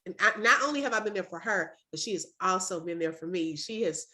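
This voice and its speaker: A woman's voice: lowish voice, expressive, fast, pushed and bright. A woman, a former teacher hosting a casual video-call chat, speaks in an effusive, emotional way and keeps repeating herself for emphasis.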